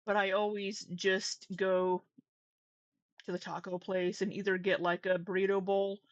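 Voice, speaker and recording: A woman's voice: mid-range voice, flat delivery, unhurried, dry recording. A woman with a runny nose chatting casually on a live stream at home, rambling, greeting viewers and laughing easily. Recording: slightly dull lo-fi stream audio.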